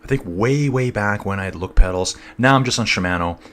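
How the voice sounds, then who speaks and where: A man's voice: fairly low pitch, fairly quick, a bit bright, slight background noise. A man giving casual live commentary on a cycling race, chatting and rambling with his viewers. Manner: chatty and rambling, talks to viewers as "guys" and "dude".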